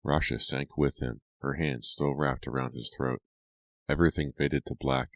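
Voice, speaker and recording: A man narrating a horror audiobook in a steady, dramatic way. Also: very deep voice, normal speed, no room sound.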